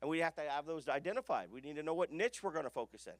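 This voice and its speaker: A man's voice: fairly high pitch, lively intonation, rapid-fire, dry recording. A man giving an emphatic business coaching talk to a live audience, often putting questions to the room.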